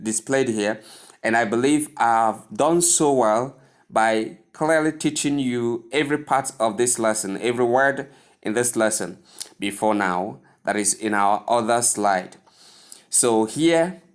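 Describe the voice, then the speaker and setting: A man from Nigeria teaches English pronunciation at a very unhurried pace. He says each word several times over as he drills it, and he earnestly urges his listeners on. His voice sits at an ordinary middle pitch. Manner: earnest and gently urging. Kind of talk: slow instructional lesson over slides.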